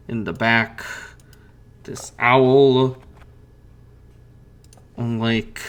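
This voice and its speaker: A man's voice: mid-range voice, vocal fry. A man running a tabletop game as game master, hesitant with many fillers and restarts.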